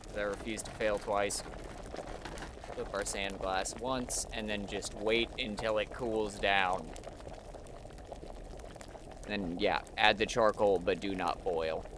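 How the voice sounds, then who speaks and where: A man's voice: lowish voice, steady tone, slow, pauses often, background noise. A man giving casual let's-play commentary, chatting to the game character and mocking himself as he plays. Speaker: streamer playing a video game.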